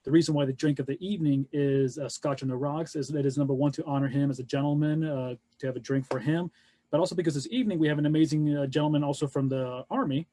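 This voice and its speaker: Halting man hosting a live webcast. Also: fairly high pitch, warm tone. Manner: halting, many restarts and fillers. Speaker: co-host. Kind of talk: casual live webcast chat.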